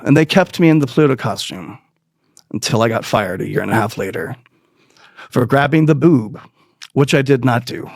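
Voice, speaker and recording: A man's voice: animated, moderate pace, vocal fry, pauses often, darkish tone, dry recording, studio quality. Profane rambling man telling comic stories. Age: adult. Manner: profane, rambling, jumps into high squeaky voices for quoted people. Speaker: comedy podcast host. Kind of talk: comic storytelling monologue.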